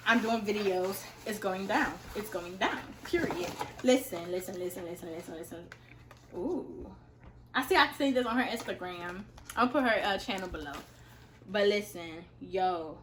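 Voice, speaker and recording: A teenage girl opening gifts in a casual home vlog, breaking into loud, repeated excited exclamations. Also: mid-range voice, unhurried, a little hiss or hum, rough recording. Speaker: vlogger.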